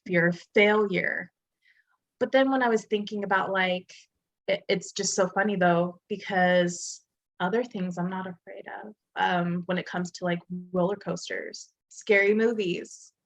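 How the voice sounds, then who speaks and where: A woman's voice: on the low side, fairly even intonation, normal speed, rough recording. A young woman co-hosting a podcast in casual chat, talking loosely with lots of fillers. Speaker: podcast co-host.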